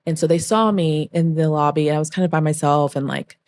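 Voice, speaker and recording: Low-voiced young woman telling a story. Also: a little fast. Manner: emotional, animated storytelling, acts out quoted voices. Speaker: podcast guest, former backup dancer. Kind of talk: storytelling in a podcast interview.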